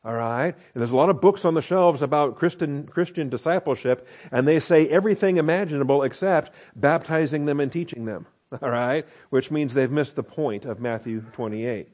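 A man's voice: on the high side, normal speed, a little mellow. Man preaching, repeating key points. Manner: explanatory, repeats key points, frequent checking "all right?". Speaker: pastor teaching scripture. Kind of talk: expository sermon on Greek grammar.

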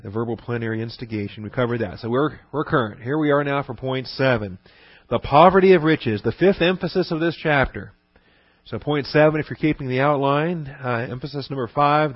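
A man with a low-middle voice leads a Bible class, folksy and earnest, often stopping to restart a thought. The sound is dry and a little muffled. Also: no room sound. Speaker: Bible teacher.

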